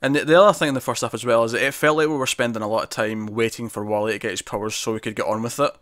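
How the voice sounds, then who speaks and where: A man co-hosting a TV review show, chatting casually in a quick, animated way with frequent restarts. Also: medium pitch, no echo, studio quality. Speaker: TV review podcast co-host. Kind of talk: casual chat.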